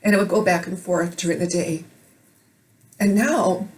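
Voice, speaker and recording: A woman's voice: lowish voice, normal speed, pauses often, a little mellow, a little hiss or hum. A woman from Minnesota delivering an emotional, urgent monologue to camera for her video blog. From Minnesota, United States. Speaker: video blogger.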